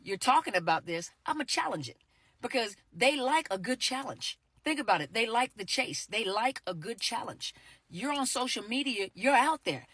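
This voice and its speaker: A woman's voice: a little high, expressive, normal speed, a bit bright, husky, no echo. A middle-aged woman therapist talking casually to the camera, with frequent "you know" fillers and repeated words, now and then acting out short quoted exchanges. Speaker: therapist and coach. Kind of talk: casual direct-to-camera talk.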